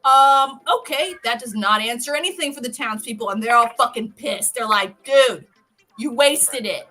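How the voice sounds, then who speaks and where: A woman co-hosting a podcast, recapping a TV episode in a casual, animated and profane storytelling way. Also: fairly high pitch, normal speed. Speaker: podcast co-host.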